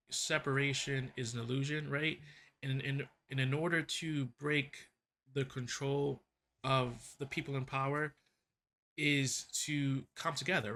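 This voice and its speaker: A man hosting a music reaction, rambling and excitable, full of fillers and restarts. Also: mid-range voice. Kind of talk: casual reaction commentary.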